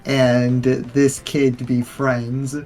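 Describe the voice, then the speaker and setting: A man talks haltingly in a casual podcast chat, often restarting his sentences. Faint music plays in the background. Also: medium pitch, monotone, a little mellow. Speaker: podcast co-host.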